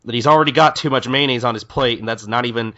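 Bright-voiced man recapping a manga. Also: mid-range voice, lo-fi sound. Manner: retells scenes with quick voiced quotes, many fillers. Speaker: podcast co-host. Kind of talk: casual chat recapping a manga.

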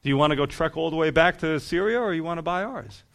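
A man's voice: fairly high pitch, fast talker, a bit bright. A man voicing a greedy male temple merchant overcharging pilgrims, with smug, offhand sales patter.

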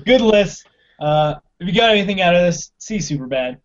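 On a lo-fi, dull-sounding recording, a relaxed podcast co-host talks comedy films, laughing a lot and swearing freely. He has a high voice with lively intonation at normal speed.

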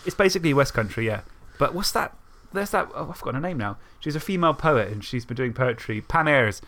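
A man from the Isle of Wight speaks in a southern English accent at an ordinary middle pitch. He co-hosts a podcast in loose, casual chat. He rambles, mocks himself and drops the occasional swear word. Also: animated, fast talker, fairly bright tone. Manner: rambling, chatty, self-mocking, with swearing. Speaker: podcast co-host.

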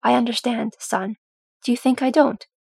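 A woman's voice: fairly high pitch, fairly even intonation, moderate pace, creaky, breathy edge, no echo. A woman voicing a stern, loving old male dwarf lord who speaks to his son in a firm, commanding way.

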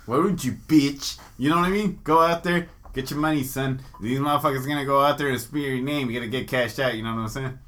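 Bright-voiced profane male podcast co-host. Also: mid-range voice, fast, hardly any pauses. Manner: profane, animated, laughing, ranting. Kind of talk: crude casual banter about fighting news.

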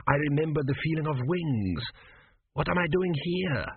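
A man voicing the ghost of a dead male pharaoh, speaking slowly and softly in bewilderment. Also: a little high, animated, slight background noise, pitched above the performer's own voice. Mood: dazed. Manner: slow, hushed and bewildered. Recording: dry tinny phone-like sound.

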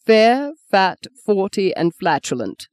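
A woman's voice: mid-range voice, big pitch swings, slow pace, darkish tone, no echo. A woman voicing a self-assured older male politician who speaks mildly and drily in an audiobook reading. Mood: dry. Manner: mild, dry, teasing.

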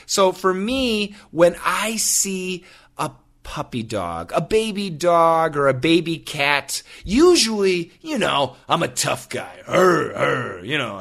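A man's voice: a little high, fairly bright tone. A middle-aged man hosting a casual English-teaching podcast, joking around playfully and putting on silly voices to explain words. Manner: playful, jokey, slips into silly put-on voices.

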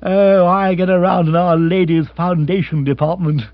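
Blustery stammering upper-class husband, as a reader plays him, high and animated, dry dull sound. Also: male voice, normal speed, dry recording. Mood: dignified, sheepish. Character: bumbling jovial upper-class English husband. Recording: dry, slightly dull audiobook.

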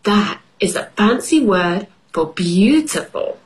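A woman reading a children's picture book aloud in a playful, expressive way. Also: medium pitch, slow pace, poor audio. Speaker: storybook reader.

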